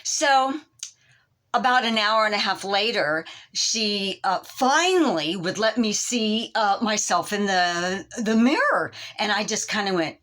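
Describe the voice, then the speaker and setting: Animated woman telling a comic story. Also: medium pitch, measured pace. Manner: animated, exaggerated exclamations. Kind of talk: comedy sketch monologue.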